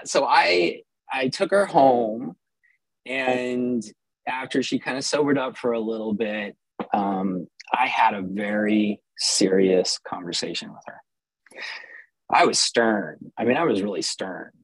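A man's voice: medium pitch, takes it slowly, creaky, slightly rough, dry recording, poor audio. A middle-aged man from Southern California telling a personal story with wry, self-mocking humor and frequent restarts.

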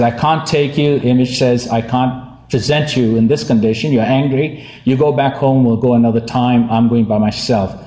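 A man's voice: mid-range voice, warm tone. A man, from India, giving a humorous personal testimony at a podium, wry and self-mocking. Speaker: speaker at a recovery meeting. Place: meeting hall with podium. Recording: echoey hall.

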